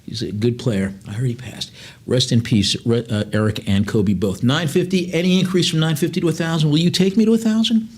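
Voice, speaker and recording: Calling bids at a live auction, this male auctioneer keeps wandering into chatty, digressive asides, packing in lots of fillers between calls. His voice sits a little high and sounds darkish and husky, with fairly even intonation and a fairly quick pace.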